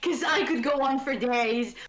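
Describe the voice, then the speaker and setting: A woman's voice: high-pitched, measured pace, roomy sound. A woman hosting a casual lore chat, playful and laughing, slipping into mocking impressions of characters. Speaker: streamer host.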